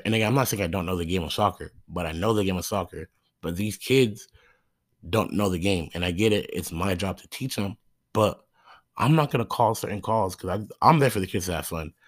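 A young man with a deep, low voice tells a loose, meandering story about coaching kids' soccer, circling back with "you know what I mean" and restarts. The sound is close and dry, with no room echo. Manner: rambling, loses his thread, lots of fillers like "you know what I mean". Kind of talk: casual storytelling monologue.

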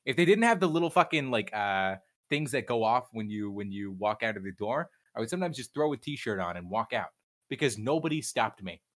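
A man's voice: mid-range voice, sing-song, a little fast, fairly bright tone. A young man in casual chat, candid and profane, rambling with frequent restarts. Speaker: streamer guest.

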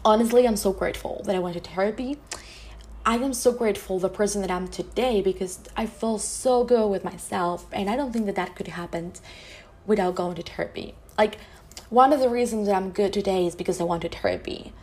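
A woman's voice: mid-range voice, darkish tone. Earnest woman speaking from the heart. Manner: earnest, heartfelt, halting with restarts. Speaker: podcast host. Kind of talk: personal monologue.

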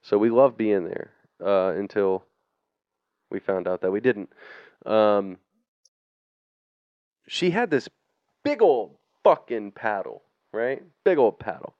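Man with a low, resonant voice, swearing freely as he rambles through a story on a podcast, recorded dry and dull. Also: animated, slow pace, pauses often, no room sound. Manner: profane, rambling, laughs through his story. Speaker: podcast co-host. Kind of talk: casual storytelling chat.

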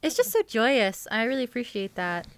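A woman's voice: a little high, very animated, normal speed. A woman co-hosting a podcast, chatting casually about how a song makes her feel, with hesitant fillers. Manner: warmly appreciative, hesitant fillers. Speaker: podcast co-host. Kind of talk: casual music review chat.

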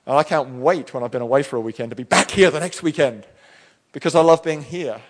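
A man's voice: a little high, fast talker. A middle-aged male pastor preaching a sermon in church, talking in a conversational, storytelling way with frequent restarts.

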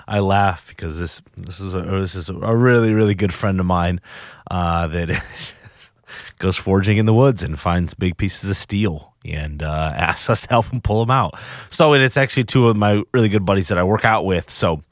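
A man hosting a personal recovery podcast, speaking in an earnest, halting, confessional way, emotional and near tears. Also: low-pitched, no echo, studio quality. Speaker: podcast host.

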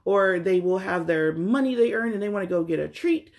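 Speaking a little fast, a middle-aged woman with a medium-pitched, expressive, darkish voice recounts an annoying errand in casual conversation. She acts out the other people's lines, clearly exasperated.

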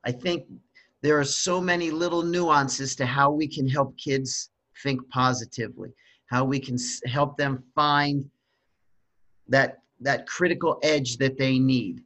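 A man's voice: medium pitch, steady tone, measured pace, a bit bright. A man, a swim coach, talking casually and giving earnest, emphatic advice. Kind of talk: casual conversation.

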